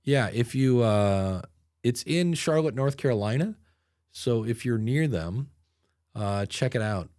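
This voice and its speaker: A man's voice: medium pitch, lively intonation, measured pace, darkish tone. A man hosting a podcast in casual chat, a chatty storyteller who acts out the people he quotes. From Ohio. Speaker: podcast host.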